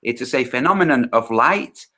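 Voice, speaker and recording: A man's voice: mid-range voice, lively intonation, moderate pace, sharp tone. A man presenting on a live video call, explaining step by step and often correcting himself. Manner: patient step-by-step explaining with frequent self-corrections.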